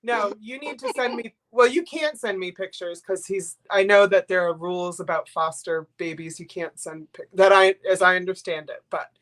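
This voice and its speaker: A woman's voice: mid-range voice, normal speed, hardly any pauses. An older woman hosting a live stream in casual chat, rambling and emotional, sniffly from crying. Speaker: livestream host.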